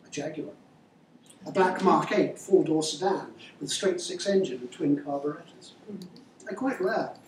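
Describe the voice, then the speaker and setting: A man reading his novel aloud in a measured, wry way, then answering interview questions. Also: on the high side, darkish tone, slight background noise. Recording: echoey room, far-off mic, faint ambience.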